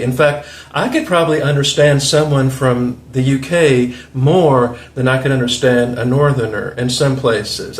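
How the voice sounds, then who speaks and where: A man in his forties with a Southern US accent, hosting a rambling, opinionated monologue with chuckling asides. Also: mid-range voice. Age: 40s. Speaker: video host. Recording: roomy echo.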